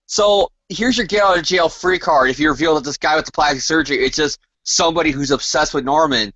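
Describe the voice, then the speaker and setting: A man co-hosting a casual comic book chat, animated and emphatic as he speculates. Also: fairly high pitch, a little fast, no echo, highs cut off. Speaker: co-host.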